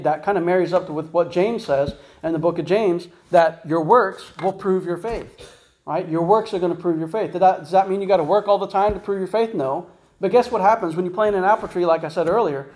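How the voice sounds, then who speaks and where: A man's voice: sits high, darkish tone, a little hiss or hum, rough recording. A man giving an informal Bible teaching in a conversational way, often asking "right?" and "guess what?" to the listener. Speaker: preacher.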